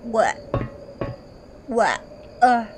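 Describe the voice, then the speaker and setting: A woman giving casual commentary on a horror game she is playing. She swings from quiet mutters to shrieks and laughs often. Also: fairly high pitch, very animated, drawn-out words, background noise. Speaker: gaming channel host.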